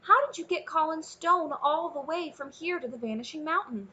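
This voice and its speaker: A woman voicing an eager young princess. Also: normal speed. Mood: astonished. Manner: high, excited exclamations.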